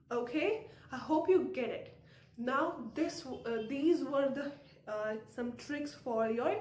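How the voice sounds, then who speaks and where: A woman with a high voice talks her viewers through exam tips in a loose, chatty way. She leans on fillers and tag questions to check they follow. Her voice rings back from an echoey room. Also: a little mellow. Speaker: IELTS tutor. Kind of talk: casual tutorial talk to camera.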